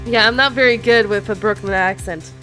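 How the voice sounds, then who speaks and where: A woman's voice: medium pitch, a little fast. A woman giving playful, self-deprecating commentary while playing a game. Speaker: let's play narrator. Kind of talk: casual gameplay commentary. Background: faint game music.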